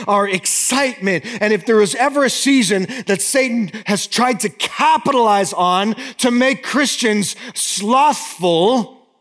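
A pastor delivers a sermon in a high, unhurried voice that rings through a long hall echo. He presses hard with rising exhortations, then drops to a near-hush for intimate appeals to his congregation. The sound is that of a man speaking in a large church sanctuary. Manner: swings between fervent exhortation and hushed, intimate appeals.

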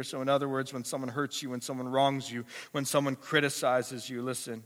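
A male pastor preaching a sermon, emphatic and repetitive, swinging from quiet to passionate. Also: medium pitch, steady tone, normal speed, few pauses. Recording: echoey hall reverb.

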